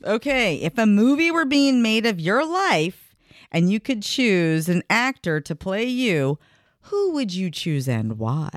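A woman co-hosting a podcast interview, playful and animated as she tells stories. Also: mid-range voice, unhurried. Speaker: podcast co-host. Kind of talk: casual interview chat.

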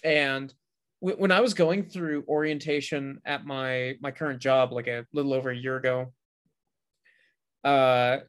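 A man's voice: medium pitch, steady tone, unhurried, fairly bright tone, clear, resonant tone. A man co-hosting a podcast in casual chat, with a dry, sarcastic sense of humor. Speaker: podcast co-host.

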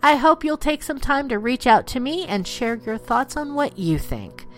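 Lively woman podcast host. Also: sits high, moderate pace, faint music behind. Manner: lively, affectionate sign-off. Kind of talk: scripted narration.

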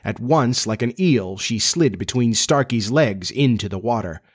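A man narrating a children's storybook in a steady, measured reading voice. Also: medium pitch, breathy edge.

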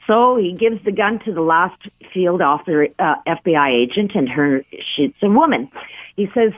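A woman's voice: mid-range voice, normal speed, no room sound. A woman calling in to a radio show, chatty and rambling as she tells a joke. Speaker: caller. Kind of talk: phone-in joke telling. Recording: tinny phone line.

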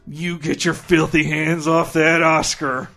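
A man voicing a wounded frontier actor in a comedy sketch, speaking in a slow, strained, exaggerated way. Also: fairly high pitch, level tone, bright, forceful tone, soft background music.

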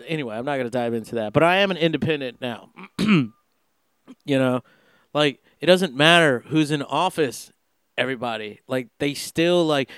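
A man's voice: on the high side, a bit bright, smooth, dry recording, studio quality. A young man hosting a podcast, rambling through a casual monologue full of filler words and swearing. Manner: profane, heavy filler words, meandering. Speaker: podcast host.

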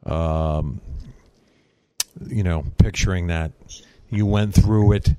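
Male host, low voice, dry recording; affirming, with religious interjections. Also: takes it slowly, warm tone, smooth, no room sound. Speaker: radio show host. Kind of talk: casual chat.

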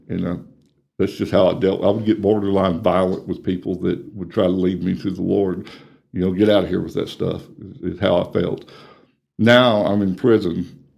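A ministry coordinator from Texas, USA, this middle-aged man tells his story in an interview, earnest and plain-spoken in a drawl. His voice runs low and dark with a gravelly fry, and it drops to a hush when the subject gets painful.

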